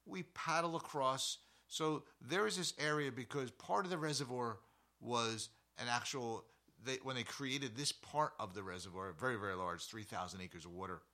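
A man who hosts an outdoor show, telling a story in a casual, animated, rambling way full of side remarks. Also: medium pitch, normal speed.

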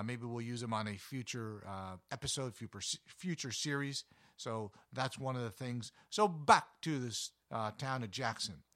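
A man's voice: medium pitch, fairly bright tone, no room sound, clean studio sound. A man telling casual travel stories in a rambling, anecdotal way, with many fillers and restarts. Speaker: travel vlogger.

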